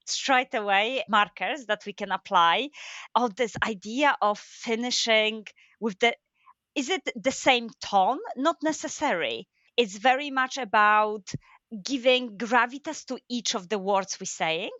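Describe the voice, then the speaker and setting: A woman's voice: on the high side, unhurried, fairly bright tone, dry recording, dull audio. A woman hosting a podcast, affirming her guest and asking thoughtful follow-up questions. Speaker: podcast host. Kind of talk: interviewing a guest.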